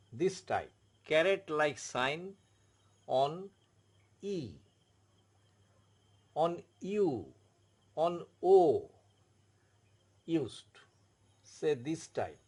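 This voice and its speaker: Slow, patient tutor, man. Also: on the high side, sing-song, darkish tone, husky. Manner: slow, repetitive explaining, stressing each point. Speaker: French tutor. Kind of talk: language lesson.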